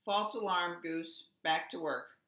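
A woman voicing an excitable, fussy male duck in a storybook read-aloud, squawking and huffy. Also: on the low side, takes it slowly. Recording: echoey room.

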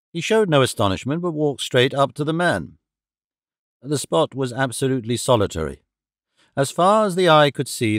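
A man narrating a classic novel as an audiobook in a measured, clearly enunciated reading. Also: mid-range voice, no echo, clean studio sound.

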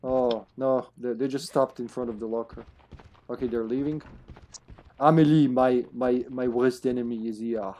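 A man streaming a survival game live, chatting excitably, joking and swearing as he plays. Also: mid-range voice, normal speed. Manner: excitable, swears, jokes around. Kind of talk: live gameplay chat.

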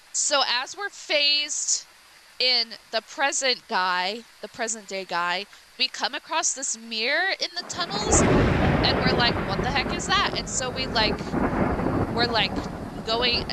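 A woman's voice: on the high side, expressive, unhurried, noisy background. A woman streamer casually retelling a game's story, rambling with lots of likes and restarts.

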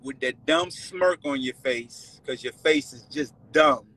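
A man hosting a sports podcast with a Virginia accent, taunting and shouting at players in casual trash talk. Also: mid-range voice, slow, vocal fry, low-quality recording. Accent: Virginia (757 area). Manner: loud, taunting, animated, shouts and laughs. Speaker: podcast host.

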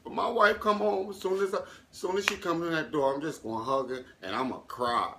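A man's voice: a little high, fairly quick, few pauses, pushed and bright, slight background noise. A man doing a comic monologue to camera, mock-emotional and drawn out, with fake crying. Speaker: comedy vlogger.

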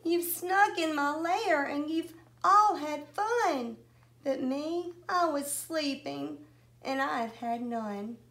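A woman's voice: sits high, slow, a bit bright, echoey room, pitched above the performer's own voice, full character voice. A woman voicing a grumpy big male bear in a storybook read-aloud, whiny and complaining. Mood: sulky.

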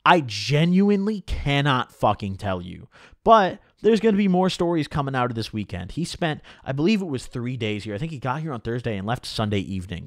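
A man's voice: mid-range voice, no room sound, studio quality. A young man telling a personal story on his vlog in a casual, slangy way, swearing freely. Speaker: vlogger. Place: home room.

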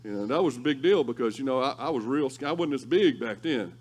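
A male pastor preaching a sermon through lively, humorous storytelling. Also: mid-range voice, quick pace, husky. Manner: animated, humorous storytelling with laughter.

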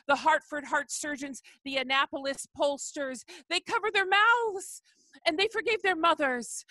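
A poet, a woman not from the South, reads her own poem aloud over a video call, chanting long rhythmic lists and building into emphatic refrains. Her voice sits high, with a bright, forceful tone, and the recording is dry.

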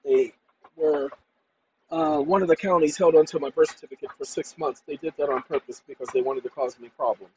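A man's voice: fairly high pitch, a little fast, slight background noise, poor audio. A man hosting his own channel, talking to viewers in an emphatic, combative, colloquial monologue. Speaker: channel host.

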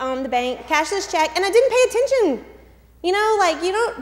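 A woman's voice: high-pitched, in a large hall. A woman in her thirties telling a chatty, self-deprecating personal story to a church congregation. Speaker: church speaker. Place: church hall.

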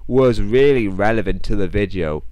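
A man's voice: on the low side, lively intonation, moderate pace, a little mellow, clear, resonant tone, rough recording. A man hosting a sarcastic, mocking commentary on another video. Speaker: commentary channel host.

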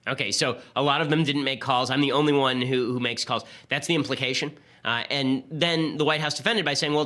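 A man's voice: mid-range voice, pushed and bright. A man hosting a political talk show, delivering a sarcastic, argumentative commentary monologue. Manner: rapid-fire, sarcastic, argumentative.

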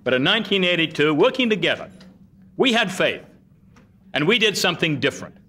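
A man delivering a formal state budget address in an auditorium, measured and oratorical, with a light humorous touch. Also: on the high side, sing-song, sharp tone. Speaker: governor. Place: museum auditorium.

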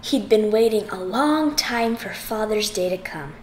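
A woman reading a children's picture book aloud, expressive and sing-song. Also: medium pitch, a little slow, roomy sound, a little hiss or hum. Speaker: audiobook reader. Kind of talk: children's story read aloud.

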